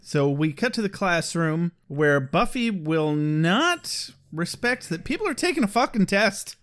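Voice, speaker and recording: Podcast co-host, male, high-pitched, sarcastic recapper. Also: sing-song, a little slow, a bit bright. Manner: recaps with sarcastic asides and mock character voices. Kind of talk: casual chat recapping a TV episode.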